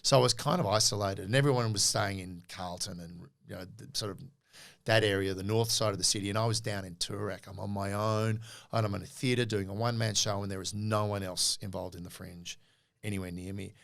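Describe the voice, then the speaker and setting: A middle-aged Australian man, a podcast guest, telling animated stories in a casual interview and acting out quoted dialogue. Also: on the low side, brisk, creaky.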